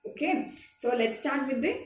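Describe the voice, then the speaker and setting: A woman, a drama teacher giving a slow, patient online lesson to children, repeating each step. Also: high voice, expressive. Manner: slow, repetitive, patient instruction. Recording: echoey room, recorded from some distance, faint music behind.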